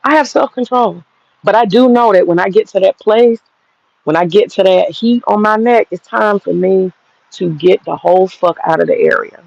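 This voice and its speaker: A woman's voice: mid-range voice, moderate pace, creaky, darkish tone, dry recording, lo-fi sound. A woman in her forties telling a personal story straight to viewers, blunt and profane, laughing through it. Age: 40s. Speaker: vlogger.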